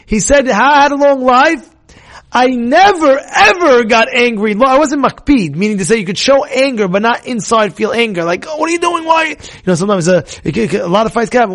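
A rabbi teaching a Torah lesson with a high, gravelly voice. He talks in an animated way, full of restarts, and breaks into loud scolding voices to act out everyday scenes. The delivery is warm in intent but excitable. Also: brisk.

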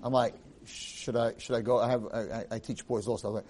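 A man, a rabbi, giving a lively Torah class, acting out quotes and dropping Hebrew phrases into his English. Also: medium pitch, a little fast, a little hiss or hum. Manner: animated, acts out quotes and shouts for emphasis. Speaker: rabbi and teacher.

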